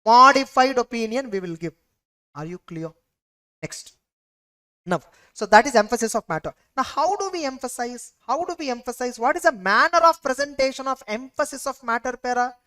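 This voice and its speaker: A woman's voice: on the high side, expressive, normal speed, a bit bright. A woman with an Indian English accent giving an exam revision lecture, emphatic and repeatedly quizzing her students with rhetorical questions. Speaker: audit lecturer.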